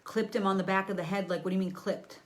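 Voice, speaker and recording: Speaking fast in a medium pitch, this female psychic gives viewers a live reading. Blunt and foul-mouthed, she animates scenes with sound effects and chats to an unseen listener.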